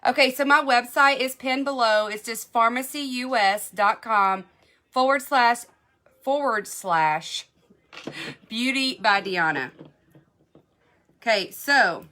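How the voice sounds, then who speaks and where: A woman's voice: fairly high pitch, takes it slowly, long pauses, pushed and bright. A woman selling beauty products in a live makeup demo, chatty and gushing, answering viewer comments as she goes.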